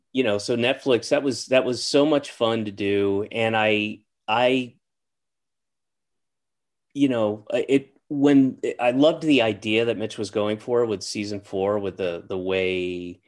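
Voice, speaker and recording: A middle-aged man speaking as a guest in a casual interview, pausing often and restarting his sentences. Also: lowish voice. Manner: halting, many restarts and fillers. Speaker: interview guest, comedian and actor.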